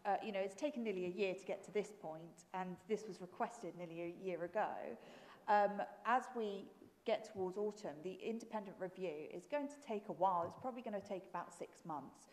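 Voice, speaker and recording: A woman's voice: mid-range voice, darkish tone. A woman leader speaking in a council meeting debate, earnest, with frequent ums and restarts. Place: large council chamber. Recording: long hall reverb.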